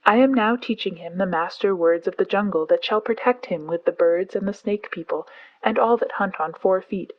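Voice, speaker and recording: A woman's voice: lowish voice, no room sound, muffled recording, lightly acted. A woman voicing an earnest, fond old bear who lectures his pupil in a storybook reading.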